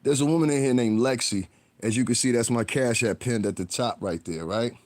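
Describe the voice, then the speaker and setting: A man's voice: mid-range voice, brisk, darkish tone. A man ranting on a live stream, blunt and combative, cursing heavily and rambling straight at his viewers. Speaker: livestreamer. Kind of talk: profane live-stream rant.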